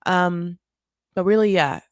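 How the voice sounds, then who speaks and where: A woman in her thirties hosting a casual recap, chatty and swearing, with lots of "like" and sudden jumps in pitch for emphasis. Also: slow, no echo, clean studio sound. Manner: lively, jumps high for emphasis. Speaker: recap podcast host. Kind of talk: casual chat.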